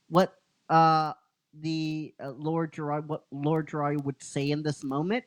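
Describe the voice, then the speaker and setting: A man's voice: a little high, level tone, measured pace. A man casually retelling a fan-written story, rambling, laughing often and teasing his cohost. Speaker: storyteller narrating a fan script.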